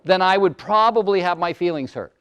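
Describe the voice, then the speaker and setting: The speaker is an older man from California who works as a motivational speaker and coach. At a live workshop presentation he talks fast and loud in a smooth, fairly high voice, energetic and very wordy.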